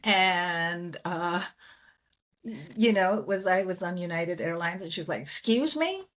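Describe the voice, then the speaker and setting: A woman from India, a guest in an interview, telling stories in an animated way and acting out the voices of people she quotes. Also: on the low side, measured pace. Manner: animated storyteller who acts out quoted voices. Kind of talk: conversational interview.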